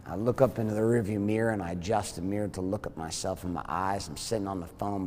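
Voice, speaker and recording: A man's voice: deep voice, fairly even intonation, fast talker, hardly any pauses, slight background noise. A man giving earnest, confessional documentary testimony about his own life. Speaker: speaker sharing his story. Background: loud music score.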